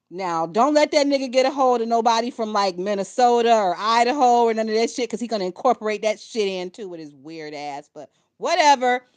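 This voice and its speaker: A young woman giving casual gossip commentary to her viewers, blunt and profane, often laughing. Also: fairly high pitch. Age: young adult.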